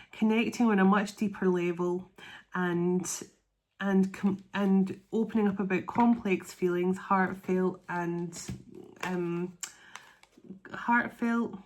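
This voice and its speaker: A woman with a mid-range voice reads tarot for her viewers in a soft, heartfelt way, as though moved by what she sees. She lingers over words as she turns the cards, and faint clicks sit behind her. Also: medium pitch, slight background noise. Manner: soft, earnest and openly emotional. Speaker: tarot card reader. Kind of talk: intuitive tarot reading to viewers.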